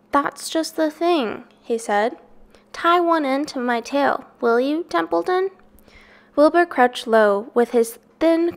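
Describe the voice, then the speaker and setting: A woman reading a children's novel aloud, her narration soft and even. Her voice sits a little high, and she keeps a steady storytelling pace. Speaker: reader.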